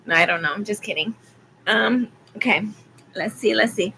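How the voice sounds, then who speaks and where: A woman's voice: mid-range voice, normal speed, gravelly, pushed and bright, a little hiss or hum, rough recording. A woman from Arizona giving a rambling, chatty live-stream tarot reading, with frequent ums. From Arizona, USA. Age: adult with school-age kids. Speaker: tarot reader.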